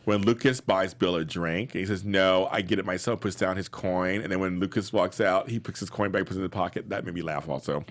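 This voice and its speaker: A man's voice: deep voice, brisk, few pauses. A man co-hosting a casual TV review show, enthusiastic and repeating words as he agrees and recounts scenes. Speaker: co-host of TV recap show.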